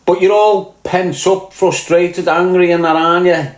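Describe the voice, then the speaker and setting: A man's voice: high-pitched, flat delivery, normal speed, roomy sound, low-quality recording. A middle-aged man with a Liverpool accent, ranting bluntly and swearing, firing rhetorical questions at his viewers. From Liverpool, England. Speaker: podcast host.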